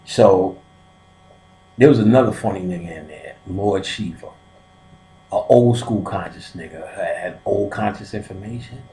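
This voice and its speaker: A man's voice: low voice, unhurried, mellow. A man telling stories in casual talk, profane and laughing. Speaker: podcast host telling stories. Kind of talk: casual storytelling. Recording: roomy echoey room.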